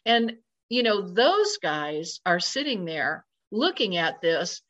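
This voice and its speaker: A woman's voice: medium pitch, sing-song, takes it slowly, bright, forceful tone. A woman telling a personal ghost story in an emphatic, dramatic way, acting out her own exclamations. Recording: slightly dull lo-fi recording.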